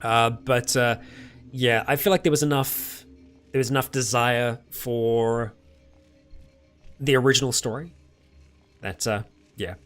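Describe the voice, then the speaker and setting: A British man hosting a casual live-stream Q&A, chuckling often as he answers chat questions in a relaxed, rambling way. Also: mid-range voice, unhurried, long pauses, clear, resonant tone, faint music behind.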